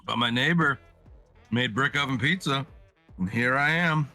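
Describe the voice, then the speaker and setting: Man, bright tense voice, laid-back podcast co-host, casual cursing. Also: mid-range voice, normal speed, faint music behind. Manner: laid-back, swears casually, eats while talking. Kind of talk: casual chat.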